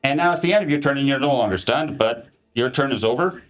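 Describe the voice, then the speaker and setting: A man narrating as game master of a live tabletop game, switching into shouted voices for enemies. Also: mid-range voice, quick pace, soft background music. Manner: animated, acts out enemy soldiers with shouts. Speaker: dungeon master.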